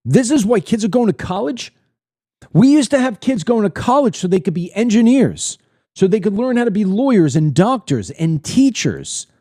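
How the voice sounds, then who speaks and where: A middle-aged American man hosts his own political commentary show and talks straight to the camera. His delivery is blunt and indignant, with emphatic stresses and repeated words when he gets heated. His voice has a dark, mellow tone, recorded dry and close with almost no room sound. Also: high voice, very animated, normal speed, no room sound. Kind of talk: opinionated monologue to camera.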